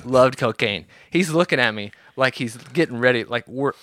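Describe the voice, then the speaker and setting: A profane man with a bright voice. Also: medium pitch, normal speed, no room sound. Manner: profane, animated storyteller. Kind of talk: casual storytelling.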